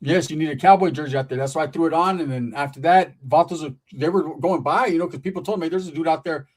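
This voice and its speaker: A man with a slightly raised voice, hosting a laid-back streamed chat show. He tells his stories in loose, profane street slang, full of asides and animated turns. He grew up in Northern California. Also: fairly high pitch, fast. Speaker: podcast host. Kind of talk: casual storytelling chat. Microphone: streaming setup.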